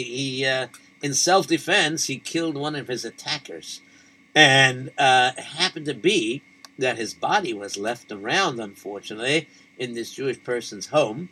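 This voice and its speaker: A man telling a story in a halting, casual way, with many fillers. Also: mid-range voice, bright, forceful tone, slightly rough.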